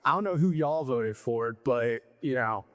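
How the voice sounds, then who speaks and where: A man's voice: medium pitch, lively intonation, measured pace. A young man doing a stand-up set, rambling and self-deprecating, packed with fillers. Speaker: stand-up comedian.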